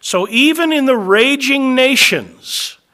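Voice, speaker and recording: A man preaching a sermon that teaches through scripture, swinging between loud, emphatic lines and quiet, low asides, and slowing down to stress key phrases. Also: expressive.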